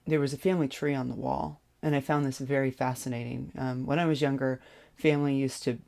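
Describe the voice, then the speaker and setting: A vlogger telling a personal story in a hesitant way, with many pauses and restarts. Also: mid-range voice, little pitch movement, gravelly, darkish tone.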